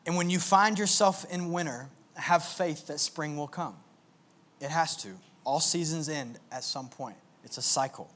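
A man's voice: fairly high pitch, a little slow, a bit bright. A young adult male pastor giving a conversational, earnest sermon, with frequent filler words.

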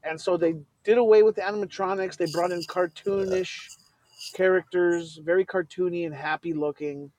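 A man from California telling stories with animated, joking energy on a call. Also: high-pitched, normal speed, dry recording. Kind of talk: casual chat.

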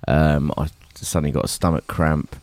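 A man talks as a podcast guest in a groggy morning voice, laid-back and deadpan. His voice is very deep for a man. The sound is dry and close. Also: normal speed, no room sound. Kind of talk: casual chat.

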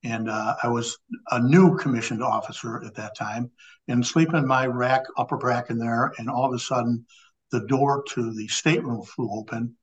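A man's voice: medium pitch, steady tone, moderate pace, rough recording. A man in his seventies from Illinois, a guest on a podcast telling a long anecdote in a rambling way with many restarts. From Illinois, USA. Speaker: guest, former law enforcement official and Navy veteran. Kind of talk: conversational storytelling.

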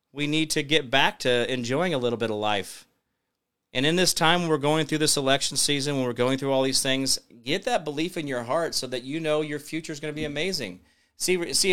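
A man's voice: mid-range voice, fairly bright tone, clear, resonant tone. A man hosting a talk show, rambling in a folksy, preachy monologue to his viewers. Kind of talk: casual livestream monologue.

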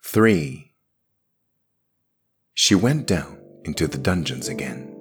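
A man narrating a story aloud in an expressive, measured way. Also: extremely low pitch, husky, faint music behind. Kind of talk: dramatic audiobook reading.

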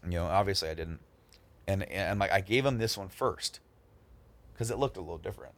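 A man with a somewhat low voice swaps stories with friends in a relaxed chat. He tells them in a lively way, playing out the other people's lines, and he often stumbles and repeats his words. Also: a little fast. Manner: animated, acts out the other people in his story; repeats words and restarts a lot. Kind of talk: casual storytelling among friends.

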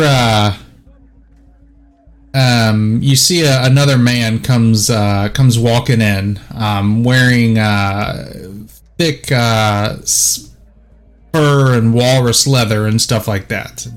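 A man running a tabletop game as game master, narrating haltingly with many pauses and fillers. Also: mid-range voice.

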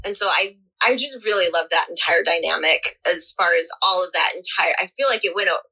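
A woman co-hosting a podcast chats casually about a TV series, rambling with lots of fillers and restarts. Her voice is bright yet on the low side, brisk with a breathy edge, and the recording quality is poor.

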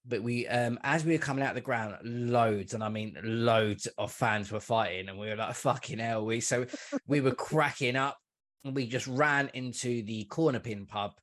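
A man's voice: mid-range voice, moderate pace, a bit bright. Swearing man telling a football story. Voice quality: swears freely, calls listener mate and man. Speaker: podcast guest. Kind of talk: casual chat.

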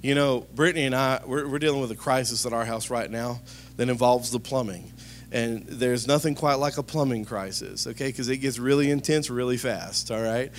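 A man's voice: mid-range voice, normal speed, a little hiss or hum. A man preaching a sermon in a conversational way, telling stories and rising to emphatic calls to the congregation. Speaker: pastor.

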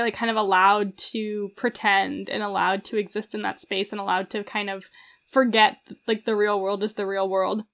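A woman's voice: medium pitch, fairly bright tone. A woman co-hosting a casual chat, talking earnestly about a story with many fillers. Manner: earnest, many "like" fillers, laughs through heavy feelings. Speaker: podcast co-host.

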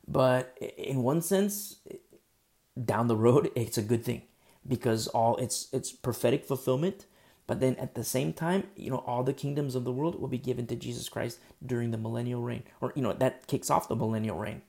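A male pastor delivers a sermon in a gravelly, dark-toned voice. His talk is loose and full of fillers and restarts. He slows down and rises sharply in emphasis on the words he stresses. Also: medium pitch.

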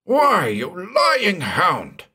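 A man voicing a wiry, hot-tempered elderly man who shouts in slow, high bursts of rage. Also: big pitch swings, husky, full character voice. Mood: furious.

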